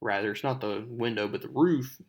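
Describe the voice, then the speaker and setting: A man's voice: mid-range voice, moderate pace. A man hosting a comic book recap, retelling the story loosely in conversation and talking straight to viewers. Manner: loose retelling, slipping into characters' lines; conversational, addresses viewers directly. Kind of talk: casual comic recap narration.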